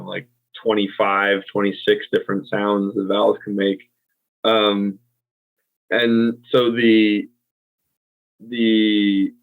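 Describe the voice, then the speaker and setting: An American man with a fairly low voice talks through a point of English usage, pausing often on ums and circling back to fix his own words. His voice comes over a thin, phone-like call line, clipped at both ends of the range. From United States. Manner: hesitant, many ums, self-correcting. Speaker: co-host and English tutor. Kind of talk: casual teaching chat. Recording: tinny phone-like call audio.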